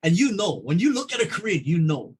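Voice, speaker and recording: A man from Oahu, telling stories as a podcast guest in a casual, profane, animated way. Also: high-pitched, fairly quick, breathy edge, low-quality recording. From Oahu, Hawaii. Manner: animated storyteller, profane, acts out dialogue. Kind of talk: casual chat.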